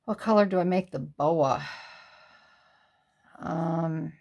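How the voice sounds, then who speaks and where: Lady doing a card-making tutorial, lowish gravelly voice, kinda just thinking out loud. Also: muffled recording. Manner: thinks aloud, musing and unhurried. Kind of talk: casual crafting tutorial talk.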